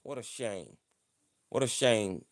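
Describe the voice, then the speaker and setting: A man's voice: medium pitch, slow pace. A man hosting a casual livestream, talking in a playful, boastful way and repeating his lines over and over. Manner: playful, repeats himself, boastful mock-campaign talk. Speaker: livestream host.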